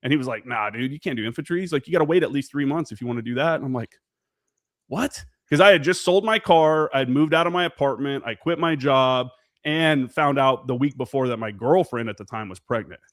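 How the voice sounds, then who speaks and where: A man's voice: medium pitch, fast, fairly bright tone, dry recording, clean studio sound. A man in his forties, a veteran guest on a podcast, telling stories in a casual, profane way and acting out the remembered dialogue. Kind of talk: casual storytelling interview.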